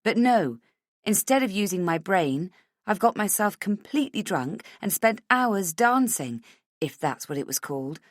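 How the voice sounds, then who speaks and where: A woman narrating a first-person thriller audiobook in a measured, steady reading. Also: deep voice, dry recording, studio quality.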